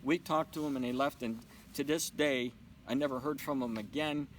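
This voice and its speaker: Male interview guest, animated storyteller who acts out the dialogue; mid pitch, faint noise. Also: moderate pace, low-quality recording.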